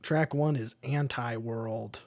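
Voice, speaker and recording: A man's voice: medium pitch, takes it slowly, a little mellow. A man co-hosting a music reaction podcast in a laid-back, jokey casual chat. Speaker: podcast co-host.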